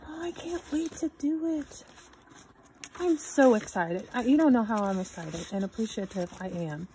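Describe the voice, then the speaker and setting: A woman's voice: a little high, animated, normal speed, warm tone, slight background noise. A woman hosting her own channel, gushing and exclaiming as she unboxes a gift box. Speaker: channel host. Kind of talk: unboxing vlog.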